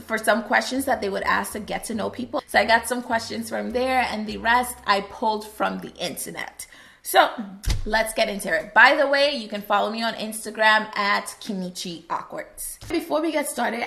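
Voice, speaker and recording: A woman from Trinidad and Tobago chatting casually to her viewers in a vlog, animated and lively. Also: on the high side, vocal fry. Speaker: YouTuber. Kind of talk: casual vlog chat to camera.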